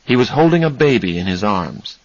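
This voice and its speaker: A man slowly reading aloud a story for English learners, deliberate and expressive. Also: mid-range voice, no room sound. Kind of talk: slow read-aloud story narration. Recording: dry, dull lo-fi recording.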